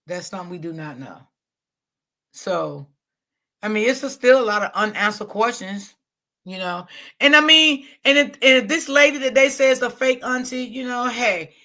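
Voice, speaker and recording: A woman with a bright, clear-toned voice hosts a casual livestream. She talks to her chat in a loose, repetitive way, circling back over the same points. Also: mid-range voice. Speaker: livestream host.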